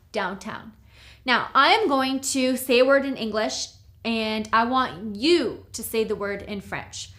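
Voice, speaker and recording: A woman teaching a recorded language lesson, drilling words slowly and checking in with "okay?". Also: on the high side, fairly bright tone. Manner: slow, clear drilling of words with frequent "okay?". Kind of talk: recorded lecture.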